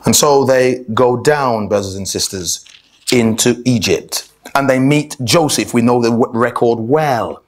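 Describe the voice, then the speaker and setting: A man's voice: mid-range voice, a little slow. A man giving a sermon-style Bible talk, addressing the congregation as brothers and sisters and reading scripture aloud, often restarting his words.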